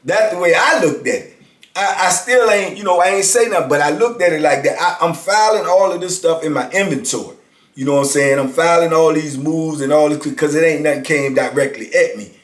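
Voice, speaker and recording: A man's voice: a little high, fairly quick. A man in his fifties casually telling a story about prison life, talking conversationally and often checking in with "you know what I'm saying". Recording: roomy echo.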